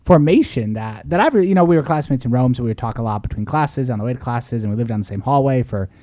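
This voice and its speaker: A man, a priest, co-hosting a casual chat and telling rambling, animated stories. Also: mid-range voice, fast talker, no room sound. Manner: rambling, animated storyteller with laughs. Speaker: priest and podcast co-host.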